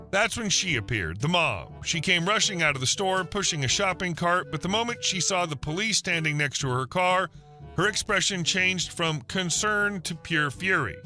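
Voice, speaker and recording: A man narrates scripted stories in a high, very bright voice. His read is smooth and even, with no fillers, and faint music plays underneath. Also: brisk. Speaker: story narrator.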